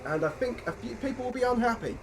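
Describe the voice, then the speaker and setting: A man's voice: very high voice, lively intonation, quick pace. A man commentating a sim racing league in casual, bantering live-stream style. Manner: chatty, swearing, banter. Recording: noisy home stream mic.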